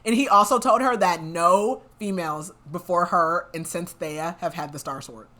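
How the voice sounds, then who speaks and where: A young woman with a slightly low voice talks through a story recap as a podcast co-host. She rambles casually, leaning on "like" between phrases and laughing now and then. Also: normal speed, bright, forceful tone. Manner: chatty, lots of "like" fillers, laughs often.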